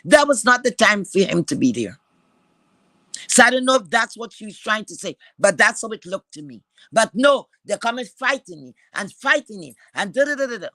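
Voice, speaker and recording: Woman commentator, bright edgy tone, blunt and foul-mouthed, hammering rhetorical questions. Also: a little high, dry recording. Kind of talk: heated opinion rant.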